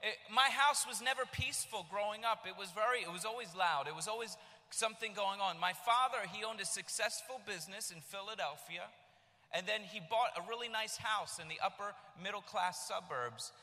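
A man in his thirties from the United States preaching a sermon, telling his story with animated bursts of shouting. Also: high voice, a little fast. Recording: long reverb of a large hall.

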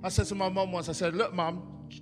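A man preaching a sermon in a church hall, loud and impassioned, acting out voices as he tells stories. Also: high-pitched, level tone, very fast. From England. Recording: long hall reverb, faint music.

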